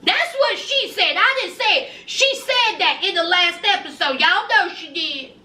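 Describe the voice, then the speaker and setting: A woman's voice: very high voice, animated, a little slow, bright, forceful tone, roomy sound, far from the mic. A woman vlogger giving a sassy, gossipy recap of a reality show, talking straight to her viewers.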